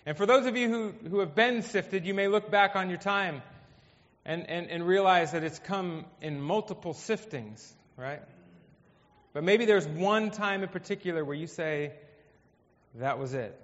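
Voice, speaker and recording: A man delivering a sermon in a fairly high voice, talking to the congregation in a conversational way and swinging between hushed stretches and emphatic ones. The long reverb of a big hall trails behind his words, and the recording sounds a little muffled. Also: normal speed. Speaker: pastor. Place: church hall. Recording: dull, echoey hall.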